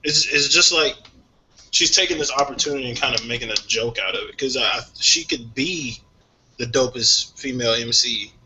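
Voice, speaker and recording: A man co-hosting a casual music talk show, sharing strong opinions in a lively way and laughing often. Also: mid-range voice, normal speed, a little hiss or hum. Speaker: podcast co-host. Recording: dull lo-fi sound.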